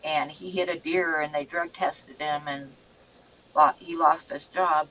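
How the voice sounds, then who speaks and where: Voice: medium pitch, steady tone, measured pace, pushed and bright, slight background noise. A parent telling stories in casual livestream chat, full of fillers like "um", recorded slightly away from the microphone. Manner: storytelling with fillers. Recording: voice a bit distant from the mic.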